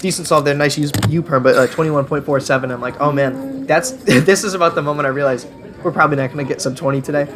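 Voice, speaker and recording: A man's voice: on the high side, fast talker, noisy background. Chatty self-deprecating young man. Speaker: vlogger. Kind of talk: casual voice-over commentary.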